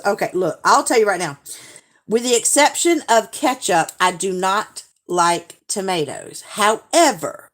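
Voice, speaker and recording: A woman with a Southern accent chats on a live stream, answering viewers in a gushing, friendly way. She talks slowly and draws out her words. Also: medium pitch, fairly bright tone. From Alabama, US. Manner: chatty, gushing, drawn-out Southern talk. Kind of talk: casual live stream chat reading viewer comments.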